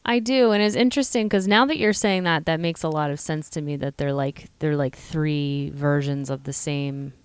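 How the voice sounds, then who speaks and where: A woman's voice: sits low, smooth, no room sound. A woman co-hosting a podcast, discussing a film in a chatty way full of "like". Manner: chatty, lots of "like", quick laughs. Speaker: podcast co-host.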